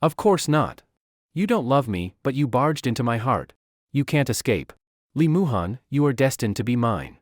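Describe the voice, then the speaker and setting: An obsessive young vampire woman speaks in a storybook recap, played by a male narrator in a dry close recording. She is clingy and devoted one moment, cold and possessive the next, and her declarations come out intense and lively. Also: medium pitch, moderate pace, no echo, natural voice.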